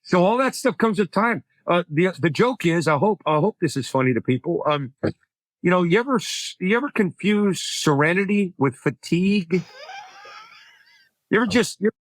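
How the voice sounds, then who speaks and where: A man's voice: high-pitched, expressive, normal speed, no room sound. A man, a comedian guest, telling stories in conversation, acting out voices and building to punchlines. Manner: acts out voices in his anecdotes, punchline-driven; frequent self-repeating restarts. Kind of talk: animated conversational storytelling.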